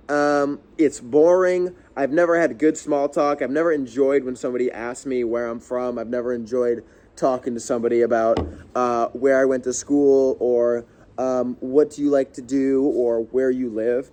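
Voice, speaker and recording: A man's voice: mid-range voice, fairly even intonation, measured pace, dark tone. A young man ranting casually to camera as a vlogger, heated and rambling, swearing often and restarting his sentences.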